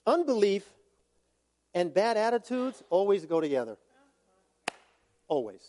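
Pastor, male, very high voice, loose conversational sermon with jokes; big echoing church hall. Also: very animated, a little slow, a little mellow. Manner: conversational preaching with asides and humor. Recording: long hall reverb.

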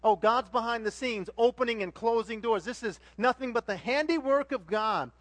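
A man preaching a sermon, animated, swinging between loud exhortation and quiet asides. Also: very high voice, normal speed, no echo.

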